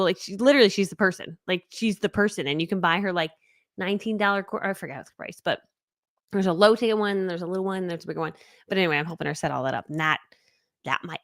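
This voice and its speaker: A woman in her forties, a business coach, chatting excitedly and rambling through a casual live training from her home office. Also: mid-range voice, no echo, clean studio sound.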